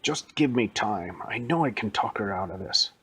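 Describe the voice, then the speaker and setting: A man voicing a calm, reassuring male superhero in a spoken made-up story, in a steady, coaxing tone. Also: fairly low pitch, normal speed, a little hiss or hum.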